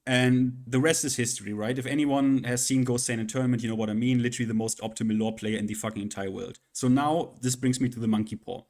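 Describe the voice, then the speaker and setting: A man's voice: medium pitch, fairly even intonation, quick pace, hardly any pauses, darkish tone. Profane, exasperated male streamer ranting. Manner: profane, exasperated, rambling with restarts. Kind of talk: casual live-stream rant.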